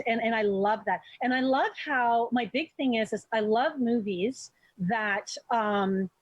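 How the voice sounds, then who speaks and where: Woman, talk show host, enthusiastic, chatty, husky, dry sound. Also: a little high, no echo. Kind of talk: casual talk show chat.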